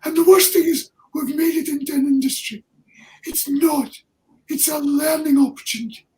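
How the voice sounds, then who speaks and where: An older Scottish man from Ayrshire, an honorary professor, gives earnest, plain-spoken interview answers. His voice is very high and mellow, with fairly even intonation and a normal speed. He sounds distant from the mic.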